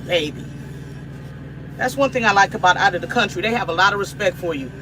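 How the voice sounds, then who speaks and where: A woman's voice: medium pitch, expressive, quick pace, background noise. A middle-aged woman from the United States, hosting a cooking live stream and talking to viewers in an emphatic, repetitive, preachy way. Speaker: livestream cooking host.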